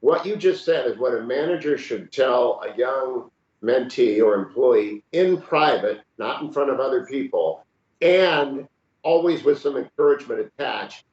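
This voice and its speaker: A man's voice: mid-range voice, lively intonation, unhurried, darkish tone. A man in his sixties hosting an interview, steering the talk with direct questions. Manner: steering, direct, gives pointed follow-up questions. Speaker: host. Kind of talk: conversational interview. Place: room, remote video call. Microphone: video call mic. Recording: roomy, dull video call audio.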